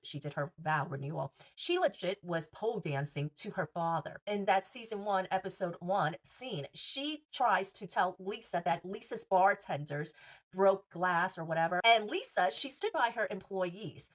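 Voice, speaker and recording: A woman's voice: on the low side, a bit bright. A woman hosting a podcast, recapping reality TV gossip in a sassy, profane and emphatic way. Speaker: podcast host.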